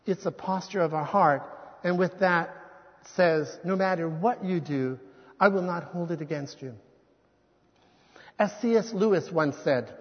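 A man preaching a sermon in an earnest, measured way, slowing down when he reads quotations aloud. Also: high-pitched, in a large hall, muffled recording. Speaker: pastor.

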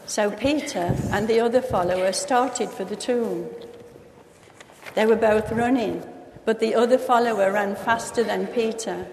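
A woman reading a Bible story aloud in a steady storytelling manner. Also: mid-range voice, a little slow, vocal fry, in a large hall, slight background noise. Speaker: reader.

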